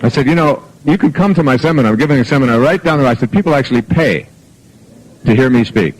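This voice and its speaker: A man's voice: mid-range voice, expressive, fast talker, a little hiss or hum, low-quality recording. A middle-aged man giving a self-help talk to a live audience, anecdotal and jokey, acting out quoted dialogue. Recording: old archive audio recording.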